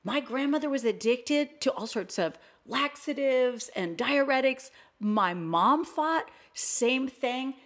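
An older woman co-hosting a Christian talk show, sharing a personal testimony as an animated storyteller who acts out the dialogue she quotes. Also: high voice, slow, hardly any pauses.

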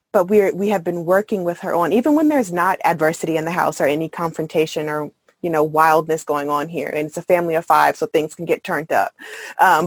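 A woman's voice: on the low side, breathy edge, no room sound. A woman in her thirties, a mother, speaking earnestly and candidly as a podcast guest in casual conversation. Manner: earnest, candid, many fillers and soft laughs.

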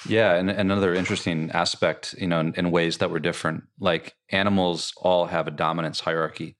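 A man's voice: low-pitched, fairly even intonation, a little fast, a bit bright, a little hiss or hum. A man who is an author, speaking as a podcast guest and thoughtfully explaining ideas with many filler words. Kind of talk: explanatory conversational interview.

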